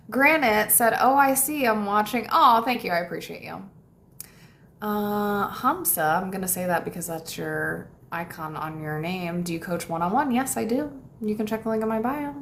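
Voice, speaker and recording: A young woman with a slightly low-pitched voice hosts a relaxed livestream. She reads comments out loud and answers them in a warm, chatty way. She often thanks her viewers and laughs lightly. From United States. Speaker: manifestation coach hosting a livestream. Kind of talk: casual livestream chat reading viewer comments.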